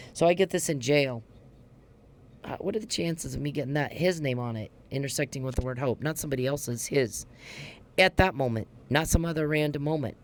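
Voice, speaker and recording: A woman hosting a podcast in a casual monologue, talking bluntly and heatedly, swearing often and repeating herself for emphasis. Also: low voice. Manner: blunt, profane, heated and repetitive. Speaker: podcast host.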